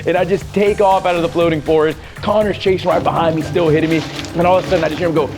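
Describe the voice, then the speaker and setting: A man's voice: fairly high pitch, fairly even intonation, racing, darkish tone, soft background music. A man narrating his own adventure as a voice-over, retelling it vividly and with animation. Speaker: wildlife adventurer.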